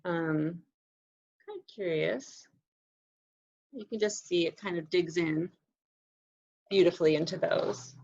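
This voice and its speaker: A middle-aged woman librarian talks casually through a box of books, friendly and laughing often. Her voice has a gravelly, fried texture. The recording sounds muffled and lo-fi. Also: on the low side, slow pace, pauses often, darkish tone. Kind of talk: casual book unboxing chat.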